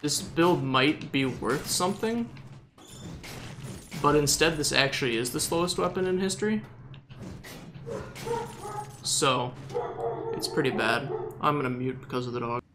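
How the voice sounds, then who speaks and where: Young Southern man, rambling jokey gameplay commentary, slightly high voice. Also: animated, measured pace, pauses often, fairly bright tone, slight background noise. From Southern United States. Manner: joking, exasperated, rambling.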